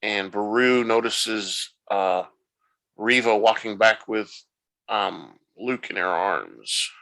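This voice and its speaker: A man's voice: on the low side, takes it slowly, vocal fry, pushed and bright, poor audio. A man hosting a podcast, retelling the plot loosely in a casual recap and thinking aloud as he goes. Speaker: podcast host.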